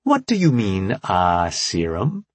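A man voicing a bubbly, eager young female chief scientist in an audiobook, pitching up high and chirpy. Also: wildly swooping pitch, takes it slowly, breathy edge, no room sound, full character voice.

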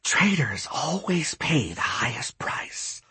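A man's voice: fairly high pitch, sing-song, takes it slowly, bright, forceful tone, breathy edge, no room sound, exaggerated voice. A man voicing a cold whispering goddess. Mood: menacing. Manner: hissing, whispery threats. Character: cold menacing female death goddess.

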